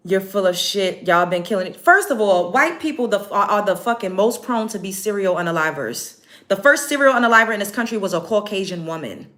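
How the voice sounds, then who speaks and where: A woman's voice: mid-range voice, animated, fairly quick, fairly bright tone. A woman hosting a casual livestream from home while doing her makeup, brash and confrontational as she reads out comments. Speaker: livestream host.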